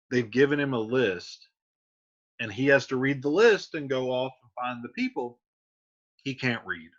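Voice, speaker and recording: A man walks through a play line by line. He reads the verse aloud and then retells it in loose, casual speech. His voice is bright and lively, with pitch that jumps around a lot, and the recording sounds dull and lo-fi. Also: normal speed. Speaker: teacher.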